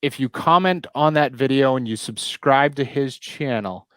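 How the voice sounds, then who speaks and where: A man's voice: mid-range voice, moderate pace, smooth, no room sound. A man hosting a live stream, chatting casually with lots of fillers and small chuckles. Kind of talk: casual chat.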